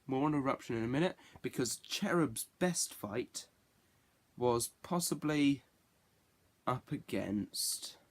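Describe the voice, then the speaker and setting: A man's voice: medium pitch, lively intonation, takes it slowly. A man giving a casual spoken review, rambling and correcting himself as he goes. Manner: rambling, self-correcting, chatty. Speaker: TV show reviewer.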